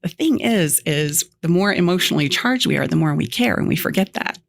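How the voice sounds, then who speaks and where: A woman relationship coach explaining her method in an animated, emphatic way, often acting out lines she would say. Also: fairly low pitch, brisk, creaky, a little hiss or hum. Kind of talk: guest explaining on a talk show.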